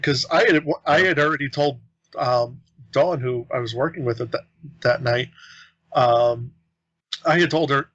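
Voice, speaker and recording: A young man spins loose, rambling anecdotes as a podcast co-host, slipping into voices for the people he quotes. His voice sits mid-pitch and sounds dry and close. The sound is a little dull. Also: measured pace, fairly bright tone, no room sound. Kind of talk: casual storytelling chat.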